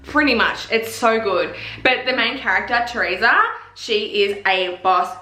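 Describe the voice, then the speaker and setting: A young woman vlogging in a casual chat, gushing and swearing a lot as she talks excitedly. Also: mid-range voice, measured pace. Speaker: vlogger reviewing TV series. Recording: echoey room.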